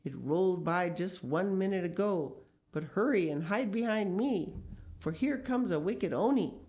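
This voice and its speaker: A woman's voice: on the low side, expressive, a little mellow, pitched above the performer's own voice. A woman voicing a stern, kindly male stone guardian deity in a storybook. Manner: stern and measured.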